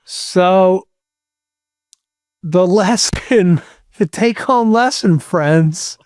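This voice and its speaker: Slow, high-voiced man telling a story. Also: a little mellow, dry recording, studio quality. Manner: candid, profane, full of "like" fillers, laughs mid-sentence. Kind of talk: casual storytelling chat.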